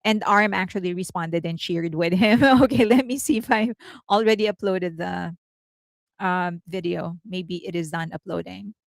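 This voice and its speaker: A woman hosting a casual entertainment news livestream, chatty and rambling, laughing often and thinking out loud. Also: on the low side, fairly even intonation, moderate pace, vocal fry, no room sound.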